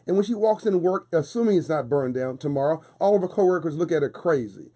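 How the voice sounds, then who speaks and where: On a radio show in a studio, a male guest talks fast with hardly any pauses, his voice a little high, expressive, dark in tone with a breathy edge. The talk is casual interview chat, but he's passionate and emphatic, slipping into a preaching cadence and repeating phrases for force.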